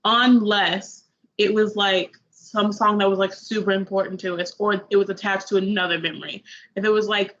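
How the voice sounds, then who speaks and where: A woman's voice: mid-range voice, fairly even intonation, fairly quick, a bit bright. A young woman talks through a film on a casual review panel. She rambles, strings together "like" fillers and acts out her own reactions. The recording sounds a little dull, with faint noise underneath. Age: young adult. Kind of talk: casual movie review chat.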